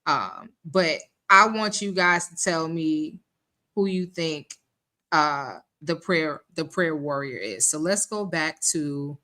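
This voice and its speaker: A woman's voice: low-pitched, lively intonation, takes it slowly, sharp tone. A woman hosting a livestream, chatting casually with her viewers and talking them through call recordings. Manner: chatty, addresses chat as y'all. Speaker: YouTube commentary host. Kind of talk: livestream commentary.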